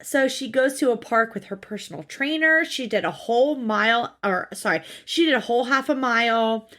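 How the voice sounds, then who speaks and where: Blunt, high-voiced woman podcast host. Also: moderate pace. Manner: blunt, swears freely, animated storytelling. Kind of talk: casual recap chat.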